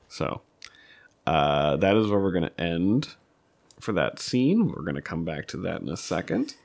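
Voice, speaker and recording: A man's voice: low-pitched, very animated, unhurried, vocal fry, pauses often, a bit bright. A man narrating as game master of a tabletop game, loose and full of fillers.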